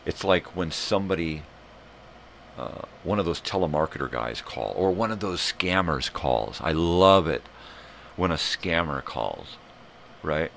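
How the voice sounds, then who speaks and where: A man hosting a live morning show, ranting in a rambling, profane, animated way. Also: a bass voice, unhurried, vocal fry, a little hiss or hum. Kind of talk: casual rant.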